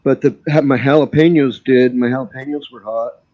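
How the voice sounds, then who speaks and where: A laid-back man talks easily in a loose panel chat, his voice dark and mellow. The sound is dull and lo-fi. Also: medium pitch, steady tone, brisk. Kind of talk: casual live panel chat. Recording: dull lo-fi audio.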